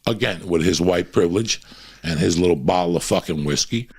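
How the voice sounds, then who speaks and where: Gravelly, low-voiced man from Cuba. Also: a little fast. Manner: profane, rambling, blunt. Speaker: podcast guest or host telling stories. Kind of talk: rambling podcast storytelling.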